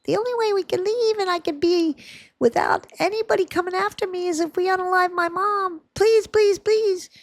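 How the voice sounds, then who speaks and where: Someone doing a desperate young woman, whiny, high-pitched, begging. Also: normal speed, no room sound. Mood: pleading.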